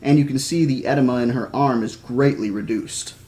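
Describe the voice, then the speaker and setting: A man reading the lines of a calm, formal male doctor in a storybook reading. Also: mid-range voice, fairly quick, lightly acted. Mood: reassuring. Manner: formal, careful speech.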